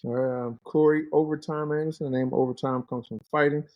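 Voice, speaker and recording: A man in his thirties, a guest on a podcast, telling hunting stories casually and acting out his friends' lines in a higher voice. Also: fast talker, no echo, lo-fi sound. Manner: animated, acts out quoted friends in a higher voice. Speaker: guest, pro fighter and bow hunter. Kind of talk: casual storytelling.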